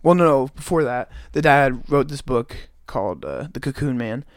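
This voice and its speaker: A man's voice: mid-range voice, lively intonation, normal speed, no echo, clean studio sound. A young man on a podcast, retelling a story in a rambling, casual way with many "like"s. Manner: rambling retelling, heavy use of "like". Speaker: podcast co-host.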